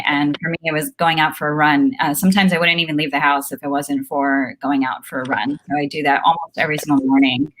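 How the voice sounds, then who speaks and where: A woman's voice: low-pitched, a bit bright. A woman editor being interviewed over a video call from her home, talking casually with lots of ums. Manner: chatty, many fillers. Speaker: guest, newspaper editor. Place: home room.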